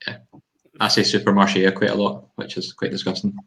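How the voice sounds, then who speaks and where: A man's voice: fairly low pitch, completely flat delivery, fairly quick, creaky, a bit bright. A man with a Scottish accent, teasing and wry in casual podcast banter.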